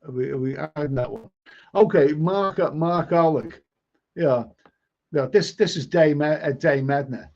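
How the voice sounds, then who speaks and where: Through dull, lo-fi stream audio, a middle-aged man with a Liverpool accent reads out viewer comments and chats casually, frequently stammering and repeating himself. He speaks a little slowly in a fairly high, darkish voice.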